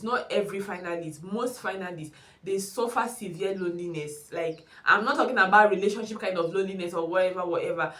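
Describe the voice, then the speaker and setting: A woman's voice: mid-range voice, fairly bright tone. A young woman giving earnest, emphatic advice straight to her viewers in a casual vlog. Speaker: vlogger. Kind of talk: casual advice talk to camera. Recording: echoey room.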